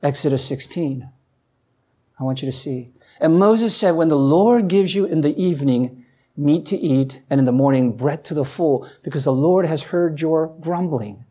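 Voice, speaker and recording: A woman preaching a sermon who reads scripture aloud and asks the listeners questions. She climbs to emphatic peaks, then drops low and quiet. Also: animated, normal speed.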